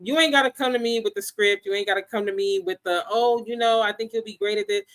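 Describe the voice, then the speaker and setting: A woman co-hosting a podcast in casual chat. She tells stories with animation and laughs easily, her pitch sitting in the middle range. She goes back and forth with her co-host in a relaxed, conversational way. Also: quick pace. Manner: laughs often, animated storytelling.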